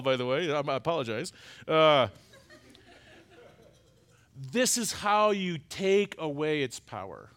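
Middle-aged man, pastor preaching, fairly high voice, urgent peaks and hushed asides. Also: lively intonation, a little slow, long pauses. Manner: emphatic, swings between loud urgent stresses and quiet confiding asides. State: choked up. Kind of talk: sermon.

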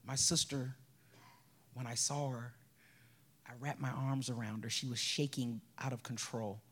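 Husky-voiced woman telling an emotional testimony. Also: extremely low pitch, fairly even intonation, a little slow. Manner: emotional, drops to soft whispers, breaks into laughs. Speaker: bereaved mother giving testimony. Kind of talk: personal testimony storytelling.

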